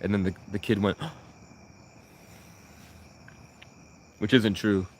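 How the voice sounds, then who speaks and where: A man's voice: lowish voice, very slow, a little mellow. A young man telling personal stories in a rambling, profane, casual way, full of restarts. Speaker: vlogger.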